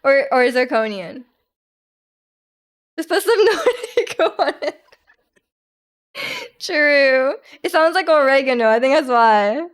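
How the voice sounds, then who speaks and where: A woman's voice: sits high, lively intonation, takes it slowly, long pauses. A young woman streaming live, chatting casually with viewers, giggling and restarting her sentences often. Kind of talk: casual chat reading viewer comments.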